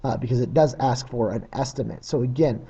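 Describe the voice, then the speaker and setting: A man's voice: mid-range voice, a little fast, mellow, husky, lo-fi sound. A man teaching a recorded test-prep lesson in a plain, practical way, with frequent uhs and ums.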